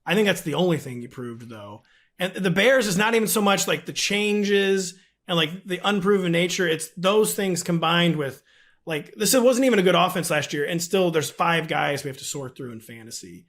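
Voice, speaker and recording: A man's voice: sits high, moderate pace, fairly bright tone. Rambling, filler-heavy man on a podcast. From St. Louis region. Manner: rambling, self-deprecating, lots of fillers. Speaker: fantasy football analyst guest. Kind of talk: casual podcast chat.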